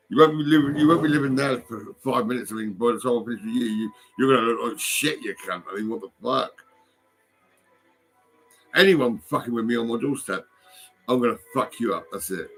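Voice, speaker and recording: A man's voice: medium pitch, a bit bright. An older British man with a British accent in an angry, rambling vlog rant, swearing, threatening and mocking someone, recorded on a phone. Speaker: vlogger.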